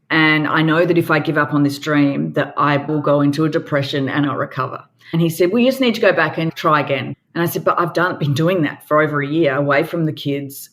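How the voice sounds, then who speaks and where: A woman's voice: low voice, fairly bright tone. An Australian woman in her forties, a guest entrepreneur telling her story in a candid, emphatic way and acting out quoted dialogue.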